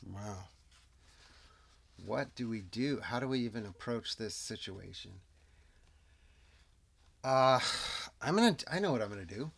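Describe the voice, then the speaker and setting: A man narrates a solo tabletop game in a relaxed, unhurried way, thinking each move through aloud. His voice sits low and carries a gravelly fry. He often drops into quiet muttered asides to himself.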